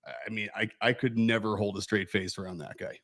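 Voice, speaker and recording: A man's voice: on the low side, fairly quick, a bit bright. A man co-hosting a casual chat, telling wry anecdotes. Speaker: co-owner and co-host.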